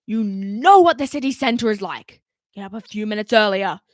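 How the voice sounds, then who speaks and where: A woman's voice: medium pitch, animated, normal speed, a little mellow, no echo, clean studio sound, lightly acted. A woman voicing a bad-tempered male fairy police commander who roars and makes demands, in a storybook reading. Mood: furious. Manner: roaring, demanding.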